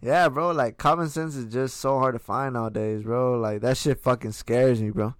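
A man's voice: mid-range voice, steady tone, moderate pace. A young man in casual chat, slangy and profane, calling everyone "bro" as he rants.

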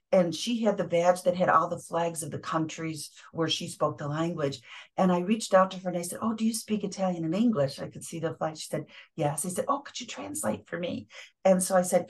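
Woman guest, low register, earnest and reflective storyteller. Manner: earnest, reflective, with frequent ums. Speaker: podcast guest. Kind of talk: personal storytelling in an interview.

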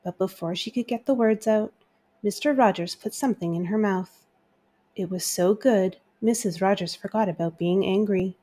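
A woman hosting a children's story podcast, reading aloud in a gentle, expressive way. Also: medium pitch, normal speed.

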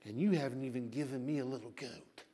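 A man voicing a resentful grown elder son, who complains in a low, hushed, grudging voice. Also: quick pace, slight background noise, lightly acted.

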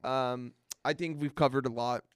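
A man's voice: mid-range voice, fairly even intonation, moderate pace, smooth, no echo, studio quality. A man hosting a podcast, loose and joking, swearing freely. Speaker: podcast host. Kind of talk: casual podcast chat.

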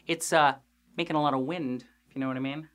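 A young man hosting a podcast, recapping an episode in a casual, animated, jokey way with crude asides and lots of fillers. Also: fairly high pitch, fast talker. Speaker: podcast host reviewing a TV episode.

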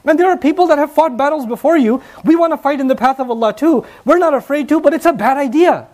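A man's voice: very high voice, fast talker, darkish tone, voice pushed up. A man voicing stern senior male warriors who scold younger men with indignant questions in a retold story.

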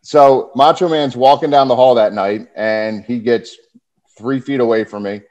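A man recounting his wrestling days in an easygoing, animated way, laughing now and then. The audio is dull and slightly muffled, like a lo-fi podcast track. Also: medium pitch, moderate pace. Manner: animated, laughs often while telling stories. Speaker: guest, former pro wrestler. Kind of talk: casual storytelling.

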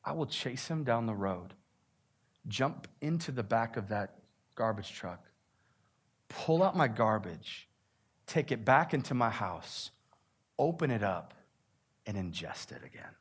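A man in his late thirties, a pastor preaching a sermon, moving from hushed, close talk to loud, fervent preaching. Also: medium pitch, lively intonation, a little slow, long pauses, slightly rough. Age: 30s. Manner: swings from hushed intimacy to loud impassioned preaching.

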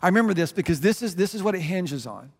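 A man's voice: high-pitched, lively intonation, fast, husky, long reverb tail. A middle-aged man preaching a sermon as a pastor, earnest and conversational, often restarting his phrases.

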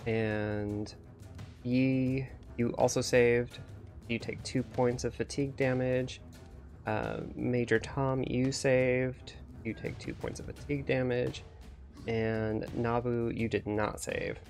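Gravelly guy gm narrating the fight, steady, faint music underneath. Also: mid-range voice, slow pace. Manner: steady, descriptive, checks rules aloud. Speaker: game master. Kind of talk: narrating a tabletop game.

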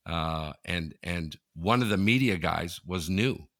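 A man's voice: low voice, slow pace, a bit bright, no room sound, studio quality. A man co-hosting a sports podcast, chatting casually and telling long rambling stories with many restarts over a video call. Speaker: podcast co-host. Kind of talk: casual chat. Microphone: headphones on video call.

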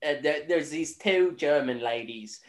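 A man's voice: a little high, animated, unhurried. A young Northern Irish man recapping a film in casual chat, rambling with lots of fillers, swearing and laughing. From Northern Ireland. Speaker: podcast host. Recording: echoey room.

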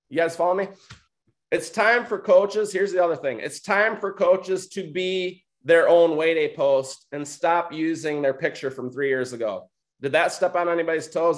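He's from Michigan and coaches coaches, and here he gives an emphatic motivational talk with a voice that's a little high. Points get repeated, punctuated by frequent "right?" and "okay?" check-ins.

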